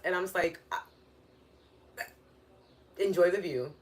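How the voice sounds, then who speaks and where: A woman's voice: medium pitch, expressive, normal speed, pauses often, fairly bright tone. A young woman hosting a wellness live stream, talking in an earnest, reflective way with lots of "like" and acted-out inner voices. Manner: acts out inner voices in quoted asides. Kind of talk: casual live-stream talk.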